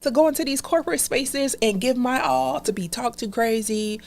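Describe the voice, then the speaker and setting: A woman's voice: a little high, lively intonation, moderate pace, darkish tone. A woman talking as a podcast guest, telling her story in a casual and emphatic way.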